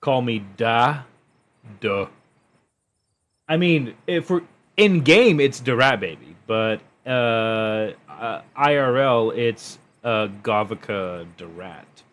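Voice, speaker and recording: A young male streamer chats casually to his viewers while playing a story game. He is giggly and playful, and his voice swings widely in pitch around a middle register. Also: animated, takes it slowly, fairly bright tone. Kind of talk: casual live-stream chat.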